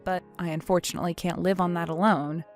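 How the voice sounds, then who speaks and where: A woman narrating a dramatic story, expressive and indignant. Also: on the low side, fast talker, soft background music.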